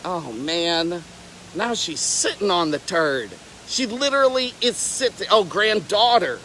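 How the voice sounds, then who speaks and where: A man's voice: sits high, expressive, unhurried, bright, forceful tone, slight background noise, low-quality recording. A young man from Florida who keeps alligators, chatting playfully on a casual outdoor livestream and wandering off on tangents. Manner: playful, rambling, jumps between tangents. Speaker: reptile keeper livestreaming.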